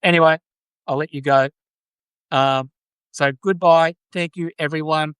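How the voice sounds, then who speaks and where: Aussie guy rambling on his live stream, kinda high voice, earnest, dry close sound. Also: fairly even intonation, measured pace, fairly bright tone, clear, resonant tone, no room sound. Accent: Australian. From Australia. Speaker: podcast host. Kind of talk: casual live-stream chat.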